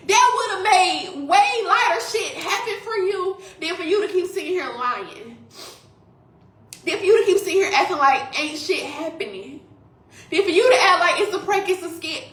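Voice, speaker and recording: A woman's voice: extremely high pitch, fairly bright tone, roomy sound. A woman in tears, swearing and speaking straight to her viewers in an emotional confessional rant. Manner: tearful, swearing, addresses audience directly. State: crying. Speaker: vlogger.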